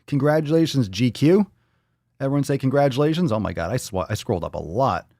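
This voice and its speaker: A man's voice: mid-range voice, lively intonation, brisk, vocal fry, a little mellow, no echo, studio quality. A man hosting a live fitness stream, chatting casually with viewers in a profane, teasing, joking way. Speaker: livestream fitness show host. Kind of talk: casual livestream chat.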